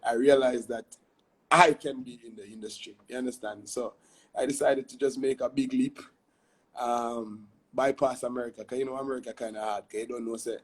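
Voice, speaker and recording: Jamaican guy talking fast and lively in an interview, kinda husky voice. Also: medium pitch. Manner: animated, tag questions like "you see me?". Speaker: guest. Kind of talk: casual interview chat.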